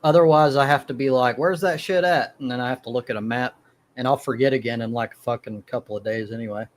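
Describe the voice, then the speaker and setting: Mid-pitched male streamer, loose and profane chat. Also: fairly even intonation, fast talker. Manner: casual, swears freely. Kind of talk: casual livestream chat.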